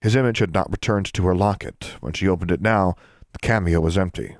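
A man reading fiction aloud as an audiobook narrator, steady and measured. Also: low voice, no echo, clean studio sound. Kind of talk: scripted narration.

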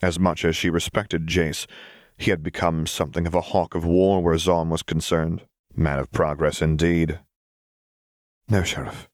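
A man reading a story aloud in a steady, measured way, his voice deep and low. The recording is dry and close, with no room sound. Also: no room sound. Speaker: narrator. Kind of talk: audiobook narration of fan fiction.

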